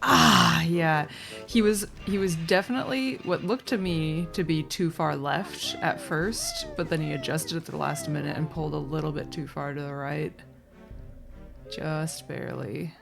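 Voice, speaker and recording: A low-voiced woman with a gravelly, fry-laden edge calls a race in a loose, rambling way. She laughs often and keeps apologizing as she goes. Game music plays behind her. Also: very animated, measured pace. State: sleepy, yawning. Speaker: race commentator. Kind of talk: casual live commentary.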